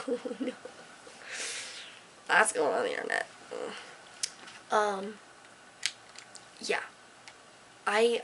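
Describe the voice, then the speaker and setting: Teen girl, slightly high voice, late-night rambling vlog, sarcastic, swings from whispers to bursts of energy. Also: a bit bright, a little hiss or hum, low-quality recording. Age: teens. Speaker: vlogger. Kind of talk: casual late-night talk to camera. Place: own room at night, lit by a desk lamp.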